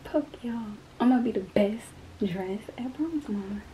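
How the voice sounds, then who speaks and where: A woman's voice: on the high side, moderate pace, warm tone. Chatty teen girl, half-whispering. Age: late teens. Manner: chatty, often drops to a whisper. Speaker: vlogger. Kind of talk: casual vlog chat to camera. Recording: noisy phone recording.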